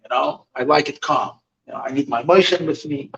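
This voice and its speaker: A man voicing a calm, fastidious old rabbi who speaks mildly, recorded from a distance. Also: fairly high pitch, creaky, slight background noise. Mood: fussy. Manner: mild, particular. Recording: dull recording, far from the mic.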